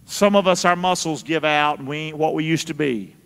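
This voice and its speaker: Preaching in a church sanctuary, a male pastor with a somewhat high, brisk, slightly bright voice and vocal fry trades call-and-response with his congregation, teasing them in a folksy way. The tone is clean, with church hall reverb.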